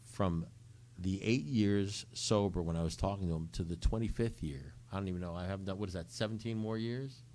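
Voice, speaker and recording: A middle-aged man giving a recovery talk, telling his story with animated acted-out dialogue. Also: sits low, brisk. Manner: animated storytelling, acts out both sides of dialogue. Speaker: recovery speaker.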